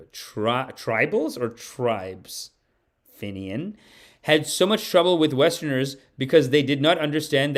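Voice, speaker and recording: A comedian streaming live, a man chatting loosely with his audience and reading donations, with many "like"s. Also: mid-range voice. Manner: rambling, many "like"s.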